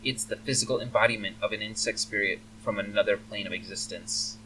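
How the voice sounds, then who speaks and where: A man's voice: fairly low pitch, steady tone, brisk, sharp tone, a little hiss or hum. A man reading a wry, lecturing elf sage. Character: wry, lofty male elf sage explaining. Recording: faint humming, slightly distant mic.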